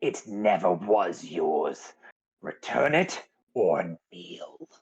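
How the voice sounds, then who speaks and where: A man voicing a male cult leader who speaks in slow, measured threats. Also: deep voice, very animated, vocal fry, husky, dull audio, voice pushed down, full character voice. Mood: menacing. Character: menacing male cult leader, cold and commanding.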